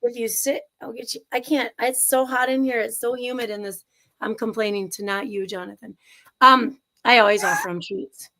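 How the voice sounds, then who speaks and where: Chatty, higher-voiced woman co-host. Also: fairly even intonation, moderate pace, sharp tone. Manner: chatty, laughing storyteller. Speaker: co-host and middle school teacher. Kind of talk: casual livestream chat. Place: at home with a house full of people. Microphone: video call setup.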